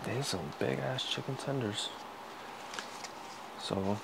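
A young man, a vlogger, in casual food-tasting chat, swearing constantly, joking and breaking into loud outbursts. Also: mid-range voice, slow pace, creaky, very noisy.

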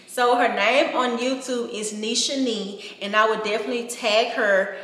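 A woman's voice: fairly high pitch, steady tone, moderate pace, a bit bright. A woman vlogger, talking earnestly to camera and repeating herself for emphasis. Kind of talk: casual heartfelt talk to camera. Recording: echoey room with long reverb.

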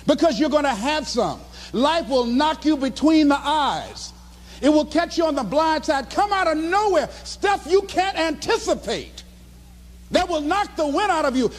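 Middle-aged male motivational speaker, very high and animated, preacherly and shouting. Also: in a large hall. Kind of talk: motivational speech.

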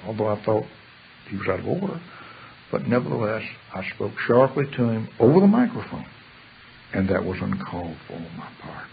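A man's voice: fairly low pitch, very animated, a little fast, gravelly. A man preaching a sermon, reading scripture aloud and breaking off into plain, conversational explanation. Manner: reads verses then explains them in plain conversational asides. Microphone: pulpit microphone. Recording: tinny phone-like sermon recording, faint hiss.

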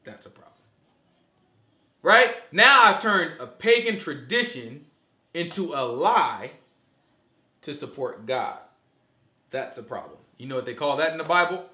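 Animated man preaching in an echoey room. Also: on the high side, a little slow, long pauses. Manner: animated, asks the group questions, repeats "you know what I'm saying". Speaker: teacher leading a Sabbath study. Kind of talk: casual preaching to a small group.

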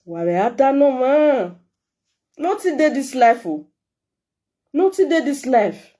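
A middle-aged Nigerian woman speaks straight to her followers in an emotional vlog message. Her voice is warm and mellow, pitched slightly high for a woman, and her delivery is heartfelt and pleading. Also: big pitch swings, takes it slowly. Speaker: vlogger. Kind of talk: emotional direct-to-camera message.

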